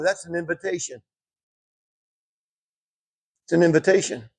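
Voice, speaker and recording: A man preaching a sermon, rising emphatically when quoting scripture and dropping low for asides. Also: steady tone, normal speed, pauses often, fairly bright tone.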